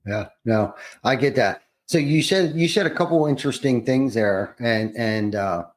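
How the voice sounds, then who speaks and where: A podcast host with a medium-pitched voice asks long, rambling interview questions at a moderate pace, restarting many times in a casual manner.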